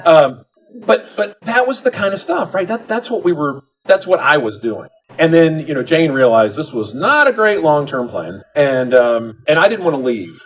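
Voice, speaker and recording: A man's voice: fairly high pitch, moderate pace, slight background noise, rough recording. A middle-aged man giving a motivational convention speech, telling stories with humor and acting out the dialogue. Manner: animated storytelling, acts out dialogue with humor. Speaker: convention speaker. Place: convention hall.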